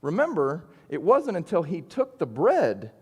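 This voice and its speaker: A man teaches an adult Bible study, talking in an earnest, conversational way and often checking in with his listeners. His voice sits a little high for a man. The sound carries the long reverb of a church hall. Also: wildly swooping pitch, measured pace, darkish tone, breathy edge, highs cut off. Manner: conversational, earnest, frequent "right?" check-ins.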